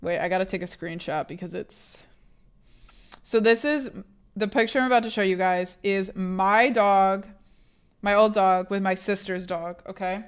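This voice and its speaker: A young woman talks casually to her stream chat from a home desk mic. She rambles in loose, chatty runs, restarts her sentences and swears freely, at an everyday mid pitch. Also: normal speed. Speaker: livestreamer.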